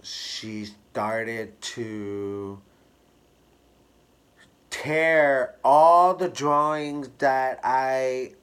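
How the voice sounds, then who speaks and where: A man candidly telling a personal story to camera in an expressive, drawn-out way. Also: medium pitch, clear, resonant tone. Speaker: hairstylist vlogger.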